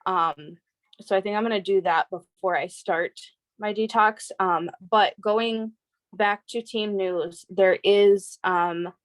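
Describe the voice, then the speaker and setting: A woman explains product details to her team in a mid-pitched, conversational voice full of small fillers. The sound is close and dry. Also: steady tone, slow pace, dry recording, poor audio. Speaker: co-host. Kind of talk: casual team chat.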